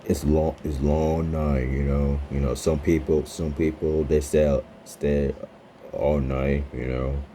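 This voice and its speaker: A man in his twenties chatting with an AI character, halting and stammering and repeating his words. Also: rumbling low, level tone, warm tone, slight background noise. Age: 20s. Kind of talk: casual chat with an AI character.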